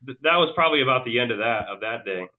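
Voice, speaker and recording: A man's voice: medium pitch, lively intonation, fast talker. A man telling a long personal story as an interview guest, rambling loosely and restarting his sentences often. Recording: tinny phone-like line.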